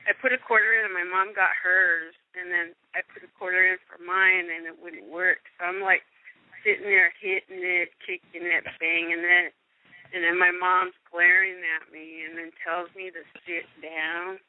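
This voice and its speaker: A woman from the United States, a guest being interviewed, telling a story in a casual, animated way with frank, salty wording. She laughs as she goes and acts out the voices of the people in her story. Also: on the low side, moderate pace, no room sound. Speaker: actress and guest. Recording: tinny, dry phone line.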